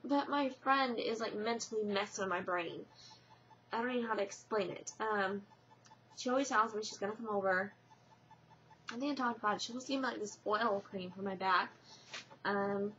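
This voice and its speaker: A woman's voice: mid-range voice, a bit bright. A young woman talking casually to her camera in a rambling vlog, full of fillers and restarts. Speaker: vlogger. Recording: muffled lo-fi webcam audio with faint hiss.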